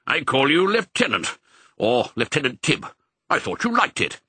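A man's voice: medium pitch, very animated, sharp tone, breathy edge, no echo, exaggerated voice. A man doing a bluff old sheepdog colonel. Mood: hearty. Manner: brisk, bluff, fatherly. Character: hearty elderly male sheepdog colonel. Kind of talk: audiobook character voice.

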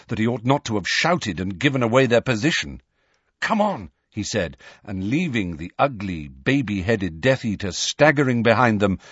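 A man reading an audiobook as narrator, in a dramatic, lively way. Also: mid-range voice, breathy edge, no room sound, dull audio. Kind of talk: scripted narration.

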